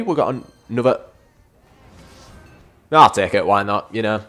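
A man giving chatty let's-play game commentary, addressing viewers as lads and breaking into frustrated shouts at the game. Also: on the low side, expressive, normal speed. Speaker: gaming YouTuber.

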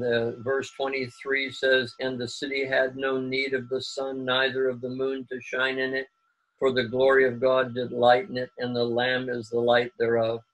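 A man preaching a sermon on a video call, reading scripture aloud and pausing often to search for his words. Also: mid-range voice, low-quality recording. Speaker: pastor. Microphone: computer mic on a video call.

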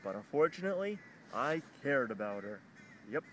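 A man's voice: mid-range voice, very animated, normal speed, background noise. A young man venting to camera in an emotional personal rant, agitated and swearing, rambling with frequent restarts, recorded outdoors.

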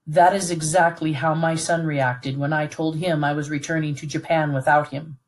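A woman reading aloud who voices a stern, composed middle-aged army colonel in a calm, formal, measured way. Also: deep voice, close to an everyday voice. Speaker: read-aloud narrator voicing a character.

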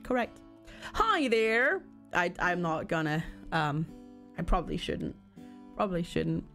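A woman's voice: sits low, normal speed, vocal fry, faint music behind. A woman streaming a game, chatting casually and giggling as she answers her viewers. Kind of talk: casual live-stream chat.

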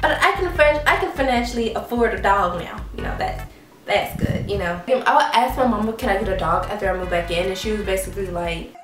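A young woman vlogger telling a story in an animated, dramatic way, acting out her mother's lines and laughing often. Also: medium pitch, fairly quick. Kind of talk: casual storytelling vlog. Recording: echoey room, mic at a distance, faint music.

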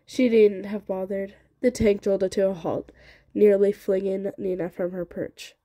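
A woman reading a novel aloud with steady, expressive narration. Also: mid-range voice, unhurried, no room sound. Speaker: audiobook reader.

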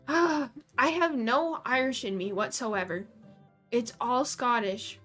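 Brief: high-pitched woman streamer, unhurried, giggly, faint game music behind. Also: a bit bright. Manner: giggly, self-mocking, lots of "like". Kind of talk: casual game commentary, reading game text.

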